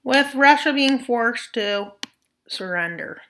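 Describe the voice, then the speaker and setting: Here a woman with a slightly high, pushed and bright voice talks slowly and expressively over slight background noise. It's casual map scenario narration, peppered with jokes, asides, and playful put-on voices.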